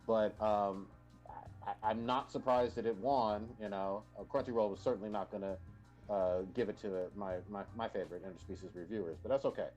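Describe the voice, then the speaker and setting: A man's voice: on the low side, fairly even intonation, fairly quick, darkish tone, highs cut off, faint music behind. A man co-hosting a livestream, chatting casually about anime, often restarting his sentences and swearing. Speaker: livestream co-host.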